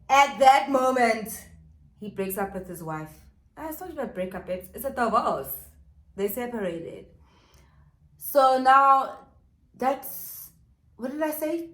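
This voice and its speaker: A woman's voice: mid-range voice, a bit bright. A woman vlogger telling a gossip story while doing her makeup at home, chatty with dramatic asides to viewers. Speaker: beauty vlogger. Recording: echoey room.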